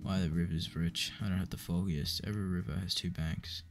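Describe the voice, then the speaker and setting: Man, low voice, raspy fry, weary joke-book reading, profane asides. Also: flat delivery, brisk. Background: clear background music.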